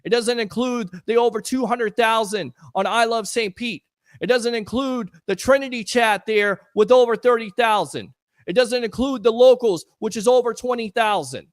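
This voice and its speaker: A man's voice: very high-pitched, moderate pace, dry recording, clean studio sound. A man hosting a live sports talk stream, talking in an earnest, emotional, rambling way while hyping up his audience. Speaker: sports talk show host.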